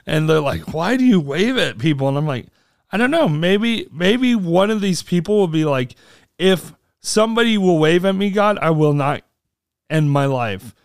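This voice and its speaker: Guy cohosting a chat podcast, a bit high voice, super animated, jumps way up for quotes, dry sound. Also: moderate pace, vocal fry, dry recording. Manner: animated, acts out quotes with big pitch jumps. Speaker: podcast co-host. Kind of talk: casual storytelling chat.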